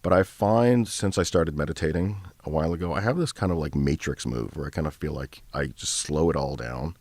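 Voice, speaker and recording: A man who is a guest on a radio interview, speaking calmly and reflectively, often hedging with "kind of" and "like". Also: rumbling low, a little fast, dry recording. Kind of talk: casual interview chat.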